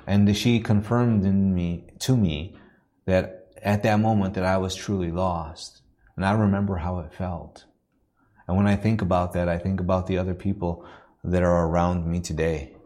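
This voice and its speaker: Here a man with a deep, dark voice and a steady tone preaches as a missionary in church. He relates a personal experience haltingly and earnestly, gradually finding a preacher's cadence.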